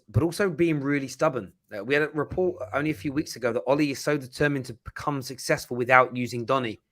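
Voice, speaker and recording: A man hosts a casual football livestream, and his tone is bright and forward. He talks in lively bursts and often restarts or repeats words as he works through a thought. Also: mid-range voice. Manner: animated, stammering restarts. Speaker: host.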